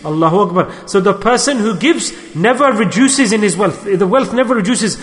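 Male preacher, fairly high voice, earnest repetitive sermon delivery, lingering echo of a large hall. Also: expressive, brisk. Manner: earnest, repetitive phrasing, sprinkles Arabic religious terms. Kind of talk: sermon with storytelling.

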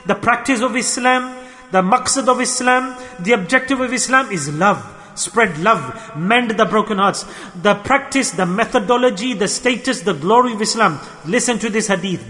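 A man preaches an impassioned sermon in a high-pitched, pushed, bright voice, repeating phrases and acting out the voices in his stories. Long hall reverb surrounds the recording.

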